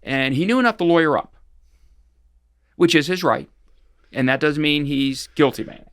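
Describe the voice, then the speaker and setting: A man's voice: a little high, normal speed, a bit bright, no echo, studio quality. A middle-aged man, a guest expert on financial fraud, recounting cases in a casual interview, rambling along with frequent restarts and fillers.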